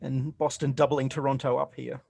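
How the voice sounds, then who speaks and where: A man giving relaxed color commentary on a basketball game, explaining plays and often restarting his sentences. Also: medium pitch, moderate pace, vocal fry, breathy edge. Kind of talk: casual game analysis.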